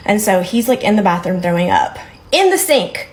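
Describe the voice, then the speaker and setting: A woman's voice: medium pitch, animated, fairly quick, poor audio. A young adult woman telling a story to her phone camera in a chatty, rambling way. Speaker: storyteller recounting a date.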